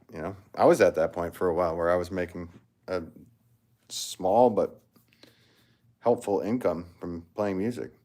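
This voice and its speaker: Deep-voiced easygoing man. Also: darkish tone. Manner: rambling, easygoing, greets viewers by name. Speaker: potter livestreaming to viewers. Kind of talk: casual livestream chat.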